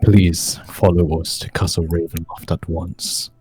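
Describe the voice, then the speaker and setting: A man's voice: sits low, little pitch movement, a little slow, dark tone, husky, faint music behind. A man voicing a shadowy servant creature in a tabletop game, speaking in a stiff, formal way. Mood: stern.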